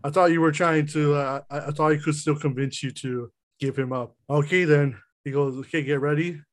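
A man's voice: fairly high pitch, flat delivery, moderate pace. A man running a tabletop role-playing game as game master, laughing often and restarting his lines.

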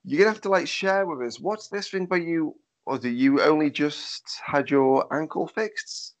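A man's voice: fairly high pitch, moderate pace. A man hosting a podcast, joking around with his guests and swearing casually. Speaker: podcast host.

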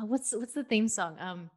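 A woman chats about television in a loose, rambling way, full of "like" and "you know". She sounds a little worn out, and her voice sits at a middle pitch. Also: unhurried. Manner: chatty, animated, lots of "like" and "you know". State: tired. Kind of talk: casual chat.

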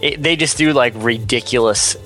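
A man calls in over a video call line as a podcast co-host. His mid-pitched voice is easygoing and a little rambling, with soft music beneath it. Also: moderate pace. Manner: easygoing, slightly rambling explainer. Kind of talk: casual podcast chat.

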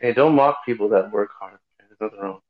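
A man's voice: on the low side, a little fast, phone-quality sound. A man in his thirties in a group voice chat, needling and lecturing the others. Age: 30s. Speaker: voice chat participant.

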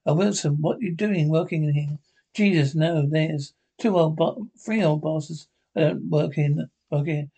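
Cheeky old Scottish pensioners trade rapid, sweary banter, the voices sitting a touch high. in a broadcast sitcom with plenty of back-and-forth ribbing. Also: male voice, steady tone, gravelly, warm tone, husky. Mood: bickering. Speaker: sitcom actor.

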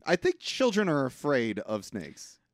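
A young man co-hosting a podcast, chatting about a movie with quick jokey asides. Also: medium pitch, huge pitch swings, no echo, clean studio sound. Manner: quick asides, laughs often. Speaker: podcast co-host. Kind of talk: casual movie chat.

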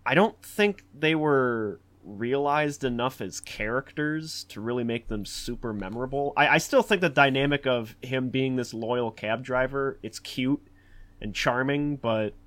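A man hosting a casual podcast talk about films, rambling with many fillers and restarts, and growing animated as he talks. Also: mid-range voice, measured pace. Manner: animated, acts out quotes in a raised voice. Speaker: podcast host. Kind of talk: casual film discussion.

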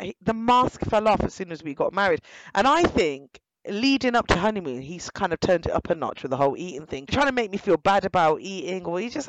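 A young woman, outspoken and animated, talking directly to her listeners in casual storytelling. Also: medium pitch, no echo, poor audio. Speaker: guest telling her story.

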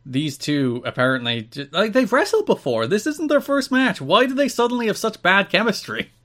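A man co-hosting a casual wrestling review chat, animated and quick to laugh, often restarting his sentences. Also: sits high. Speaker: podcast co-host.

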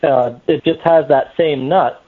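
A man's voice: a little high, measured pace. New Hampshire man on a tinny phone line. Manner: plain-spoken, explains with many "uh" starts. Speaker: guest, small parts maker. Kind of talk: casual podcast chat.

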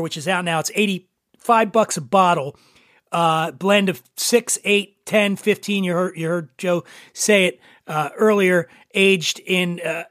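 A man hosting a podcast in casual chat, jovial and quick to laugh. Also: high-pitched, fairly bright tone, no echo, studio quality. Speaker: podcast host.

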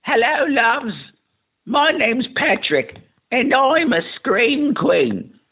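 A man's voice: very high-pitched, animated, slow, creaky, husky. A drunk man leaving a rambling voicemail, putting on a campy, exaggerated mock British accent. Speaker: podcast host leaving himself a voicemail. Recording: tinny phone voicemail.

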